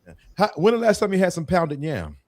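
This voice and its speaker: A man's voice: sits high, wildly swooping pitch, a little fast. A man from the United States hosting a podcast, playful and teasing in casual chat. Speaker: podcast host.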